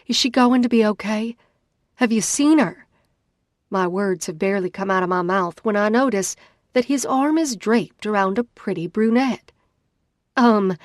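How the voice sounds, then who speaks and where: A woman's voice: medium pitch, no room sound. Female audiobook narrator, dry studio sound. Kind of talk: first-person audiobook narration.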